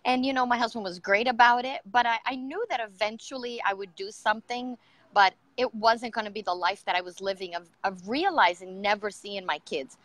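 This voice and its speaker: Middle-aged woman guest, earnest and emotional, bright tense tone, dry mic. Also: medium pitch, fairly quick, no room sound. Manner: earnest and emotional, many fillers. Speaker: guest entrepreneur. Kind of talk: personal story in an interview.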